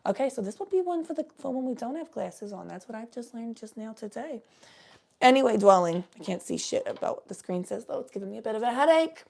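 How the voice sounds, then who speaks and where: A woman's voice: a little high, expressive, quick pace, gravelly, darkish tone. A woman chatting casually on a live stream, giving a tarot reading in a rambling, swearing way.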